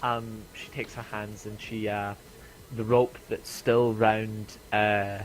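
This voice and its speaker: A man narrating as game master for a tabletop game, with halting, um-filled delivery. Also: lowish voice, little pitch movement, a little hiss or hum, rough recording.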